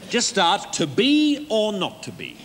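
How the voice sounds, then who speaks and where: Glib theatre producer, high lively voice, salesman patter, reverberant hall, noisy live stage sound. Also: a little slow, exaggerated voice. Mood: coaxing. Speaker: stage actor in a comedy sketch. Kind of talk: live comedy sketch acting.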